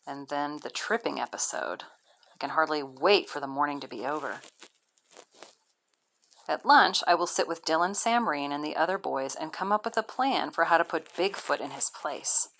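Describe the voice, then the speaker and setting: A woman teacher reading a novel aloud to her class, expressive, with brief teaching asides. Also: sits low, slight background noise.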